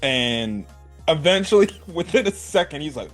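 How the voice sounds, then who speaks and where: A young man excitedly recapping an anime episode in a rambling, casual way, full of "bro" and "right?". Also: a little high, moderate pace, soft background music. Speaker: anime reviewer.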